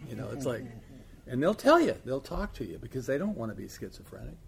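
A man with a gravelly, creaky voice speaks as a recovery sponsor in loose, rambling chat. He talks bluntly, with plenty of fillers and asides. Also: mid-range voice, big pitch swings, quick pace, darkish tone. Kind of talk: casual chat.

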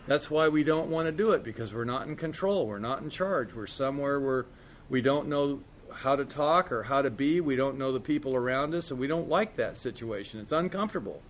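A man's voice: mid-range voice, vocal fry, a little hiss or hum. A middle-aged man sharing a recovery story in a candid, rambling way, with lots of "man" and "you know". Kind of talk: storytelling talk.

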